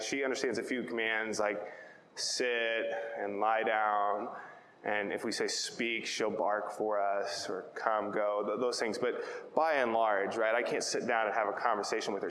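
A man preaching in a relaxed, conversational way who keeps checking in with "right?" and tells family stories. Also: lowish voice, moderate pace. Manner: checks in with "right?" after nearly every point. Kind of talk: conversational Bible teaching. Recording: echoey hall with long reverb, faint hiss.

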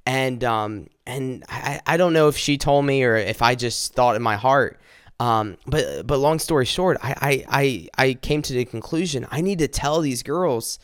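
A man earnestly telling a personal faith testimony, halting and restarting as he speaks directly to his listeners. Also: medium pitch, clear, resonant tone, no echo, studio quality.

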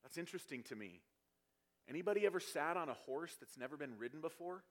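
A man's voice: a little high, lively intonation, quick pace. A man preaching a sermon, explaining scripture verse by verse and building to emphatic passages. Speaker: pastor.

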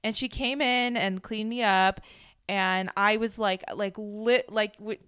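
A woman's voice: mid-range voice, fairly even intonation, takes it slowly, fairly bright tone, clean tone, no room sound, studio quality. A woman from the Chicago suburbs, co-hosting a podcast and chatting casually, telling stories with lots of fillers. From Chicago suburbs, USA. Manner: chatty, storytelling with many fillers and laughs. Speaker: podcast co-host. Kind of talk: casual chat.

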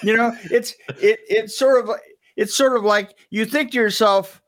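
A man's voice: high-pitched, fairly even intonation, unhurried, a bit bright. A middle-aged man telling a story as a podcast guest, rambling, stumbling over restarts and laughing at himself. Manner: rambling, stammering restarts, self-mocking laughter. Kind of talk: casual storytelling chat.

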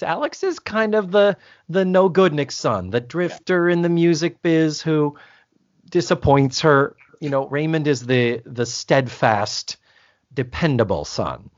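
Slightly high-voiced, this man co-hosts a podcast, chatting loosely as he recaps a TV episode. He performs the characters' lines and swears freely, and the sound is dull, lo-fi and dry with no echo.

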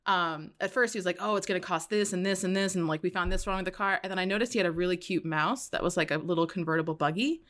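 A woman hosting a podcast, chatting casually and telling animated stories full of "like" fillers. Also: on the low side, fast, few pauses. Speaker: podcast host. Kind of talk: casual chat.

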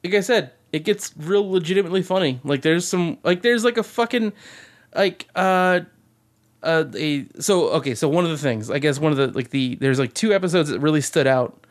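A man's voice: fairly high pitch, expressive, normal speed. A man co-hosting a podcast, telling rambling stories in casual chat with lots of swearing and laughter. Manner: rambling, profane, laughing storyteller. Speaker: podcast co-host.

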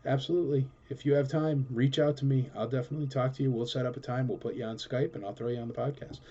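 Rambling, enthusiastic man with a mellow voice. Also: medium pitch, fairly even intonation, fast, highs cut off, slight background noise. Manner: rambling and enthusiastic, with many fillers. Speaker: collector show host answering viewer questions. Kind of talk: casual chatty Q&A.

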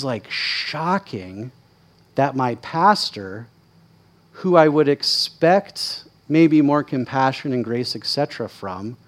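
A male pastor tells stories in a conversational sermon, chatty, candid, and self-deprecating, with frequent "right?" asides. He's lively, his pitch and volume climbing when he gets excited.

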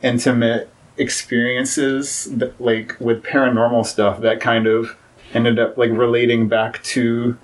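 A man's voice: mid-range voice, flat delivery, unhurried, low-quality recording. A young man as a podcast guest, talking casually with many fillers and restarts.

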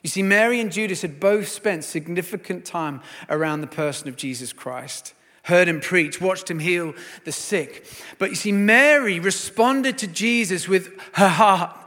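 A man preaching a sermon and telling a story, swinging from hushed to loud. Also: a little high, normal speed, long reverb tail.

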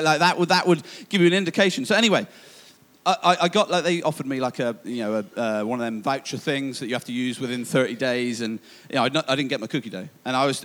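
A man's voice: medium pitch, fairly bright tone. A man preaching a sermon, telling a self-mocking personal story with many restarts and asides. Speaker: pastor.

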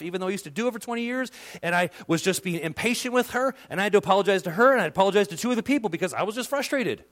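Impassioned male pastor preaching. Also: high voice. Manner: impassioned, swings from hushed to loud emphasis. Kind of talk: sermon.

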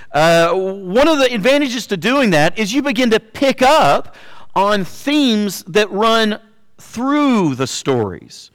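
A man giving a sermon as pastor, conversational with frequent fillers, slowing down to stress key words. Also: high-pitched, a bit bright, in a large hall.

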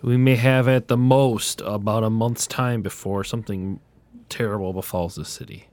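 A man playing a tabletop role-playing game, earnest and measured in character. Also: lowish voice, steady tone, a little mellow, dry recording. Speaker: player. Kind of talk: in-character play.

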